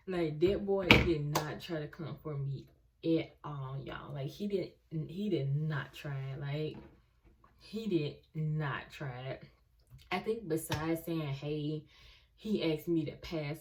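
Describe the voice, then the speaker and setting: A young woman telling a story casually and animatedly to her viewers. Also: deep voice. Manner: animated, talks straight to viewers. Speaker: vlogger.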